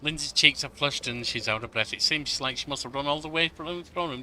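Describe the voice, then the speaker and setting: Bright-voiced man narrating a game. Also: on the high side, fairly quick, hardly any pauses. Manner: thinking aloud, self-correcting. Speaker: let's play host. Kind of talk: casual game commentary and reading.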